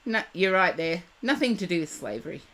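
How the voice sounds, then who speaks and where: A woman's voice: lowish voice, big pitch swings, fairly bright tone. An Australian woman in her fifties, a psychic chatting casually with viewers on a live stream, rambling and digressive. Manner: chatty and digressive, drawn-out words.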